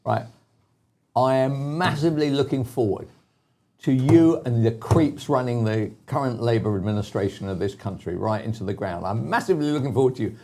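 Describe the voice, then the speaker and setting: A man's voice: medium pitch, brisk, dark tone, slight background noise. A man co-hosting a casual talk show who rants bluntly and mockingly, often restarting his sentences. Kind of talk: casual opinion chat.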